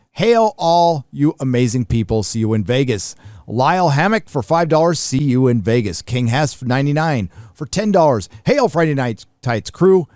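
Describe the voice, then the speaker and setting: A man's voice: a little high, a little mellow, dry recording, studio quality. A man hosting a live stream, reading out viewers' donation messages and giving short offhand replies in casual chat. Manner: reads superchats aloud then comments offhand.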